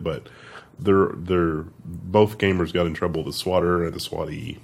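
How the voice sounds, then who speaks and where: A man co-hosting a casual tech news chat, wry and quick to laugh, with sarcastic asides. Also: deep voice, steady tone, vocal fry. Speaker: co-host.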